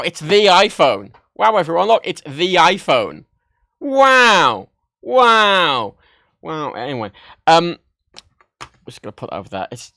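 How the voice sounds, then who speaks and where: A man hosting a livestream from his desk, chatting casually and excitedly while he jokes and rambles through a show-and-tell. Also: a little high, creaky, dry recording. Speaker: livestream host. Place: home desk setup.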